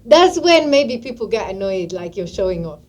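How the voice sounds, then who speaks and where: A woman with a British accent, a guest in a casual interview, explaining her views calmly and thoughtfully. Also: mid-range voice, normal speed. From Britain.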